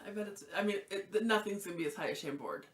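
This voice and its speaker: A woman's voice: mid-range voice, rapid-fire, distant mic. A woman co-hosting a casual livestream, chatting and laughing about food and drinks. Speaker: co-host. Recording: echoey room, off-mic.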